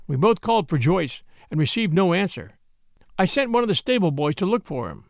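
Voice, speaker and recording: A man narrating a classic novel as an audiobook, telling it in an expressive storytelling manner. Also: sits high, brisk, creaky, dry recording, studio quality.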